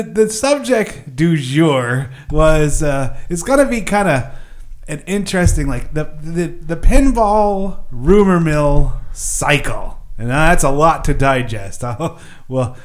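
Podcast host guy rambling along, laughs a lot, voice a bit high. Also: animated, takes it slowly. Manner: rambling, self-mocking, laughs often. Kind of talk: casual chat.

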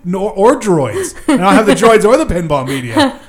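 A man's voice: high voice, very animated, moderate pace. A man hosting a casual podcast, rambling and self-mocking, laughing often. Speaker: podcast host. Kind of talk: casual chat.

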